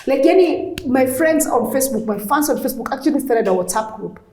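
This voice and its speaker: A woman with a Kenyan accent, a guest talking openly in an interview, animated and outspoken, mixing English and Swahili. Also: high-pitched, fairly quick, echoey room. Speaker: guest, former radio host. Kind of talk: candid conversational interview.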